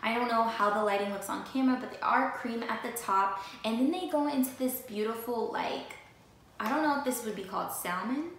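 In an echoey room with faint noise, a young woman shows off her new sneakers to viewers in a casual, energetic haul chat. Her voice is on the high side, brisk and a bit bright.

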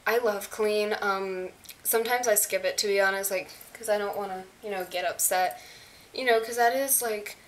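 A young woman vlogging as an excited fan, gushing and chatty with lots of fillers. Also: mid-range voice, moderate pace. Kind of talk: casual chat. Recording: faint hiss.

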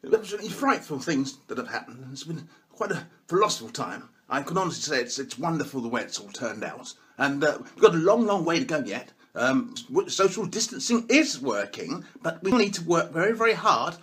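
A man's voice: on the high side, sing-song, fairly quick, a bit bright, husky, full character voice. A man doing a comic impression of a posh, rambling male British politician who says "jolly well". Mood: soothing.

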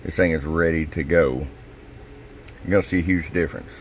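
A man with a slightly hoarse voice, casually walking through a demo at his radio workbench, dropping in fillers and a tag of "okay?". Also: extremely low pitch, fairly even intonation, fairly quick, a little hiss or hum. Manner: casual, folksy, drops in "okay?" and "uh". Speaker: CB radio shop technician. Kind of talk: casual product demo narration.

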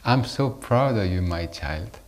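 A man's voice: lowish voice, expressive, unhurried, slight background noise. A man voicing Missus Truth, a personified truth who speaks fondly and intimately, like a proud mother. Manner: fond, intimate, gently teasing.

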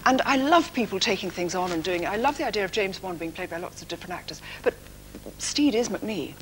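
A woman's voice: medium pitch, animated, fast, slight background noise. A middle-aged woman with a posh, theatrical manner, telling laughing anecdotes as a chat show guest in a television studio.

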